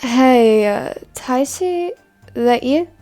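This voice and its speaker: A woman voicing a tipsy young male athlete who talks slowly and haltingly. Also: sits high, animated, mellow, soft background music, heavily acted.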